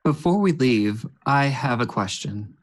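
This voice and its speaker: A man's voice: mid-range voice, expressive, measured pace. A man playing a tabletop game, hesitant and heavy on fillers. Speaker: player. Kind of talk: casual play.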